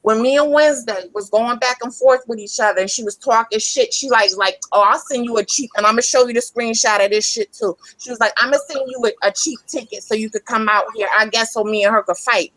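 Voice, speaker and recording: Heated woman going off, lots of swearing, high voice, dry close sound. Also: brisk, hardly any pauses, a bit bright, dry recording, poor audio. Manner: angry, profane, emphatic, repeats herself. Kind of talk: heated ranting.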